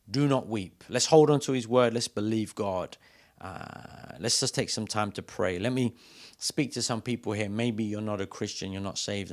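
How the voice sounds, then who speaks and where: Male pastor, low register, passionate pulpit delivery with hushed asides. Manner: passionate preaching, swings from loud emphatic calls to quiet intimate asides. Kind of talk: sermon. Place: church.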